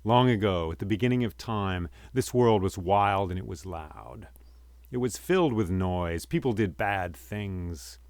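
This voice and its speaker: A man voicing an ancient immortal who survived the great flood, speaking with a slow, solemn cadence. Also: low voice, a little mellow, no echo, studio quality.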